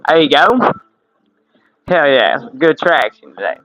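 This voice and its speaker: Guy in his 30s on a home livestream, cussing and laughing, kinda high voice, muffled lo-fi sound. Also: animated, a little slow, no echo. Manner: profane, laughing, loose banter. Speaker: livestream host. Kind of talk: casual livestream chat. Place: home room with window air conditioner.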